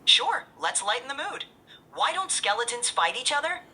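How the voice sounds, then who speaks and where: A woman's voice: high-pitched, big pitch swings, normal speed, bright, forceful tone. A synthetic woman's voice acting as an AI assistant, answering in a cheerful, eager and polished way. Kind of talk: upbeat assistant replies.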